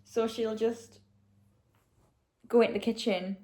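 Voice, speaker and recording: This young woman's voice is a little high yet dark in tone, slow, and fairly even as she tells her camera about the books she's reading, gushing with feeling and leaning on "like." It's a casual reading vlog recorded on a camera mic in an echoey room.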